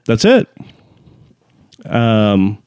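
A man's voice: lowish voice, very animated, very slow, darkish tone, smooth, dry recording. A man co-hosting a podcast in casual chat, blunt and laid-back, with lots of "you know" fillers. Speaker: podcast co-host.

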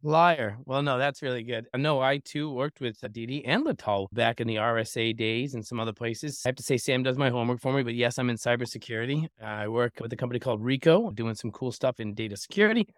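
A man's voice: medium pitch, quick pace, few pauses, no echo, clean studio sound. A man in his fifties, a podcast guest who teases and jokes in casual talk. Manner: teasing, jokey.

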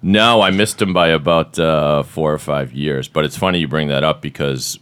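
A middle-aged man with an extremely deep voice hosts a casual podcast chat. He is playful and jokey, tossing out quick bits and getting excited. He is from Massachusetts. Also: smooth. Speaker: podcast host.

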